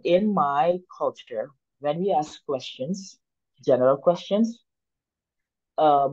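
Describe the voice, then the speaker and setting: An attendee unmuted on a webinar, asking a question with many halting restarts. The audio is dull and lo-fi, with a dry, close sound and no room reverb. The voice sits at an average pitch. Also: a little mellow. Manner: hesitant, stumbling over words.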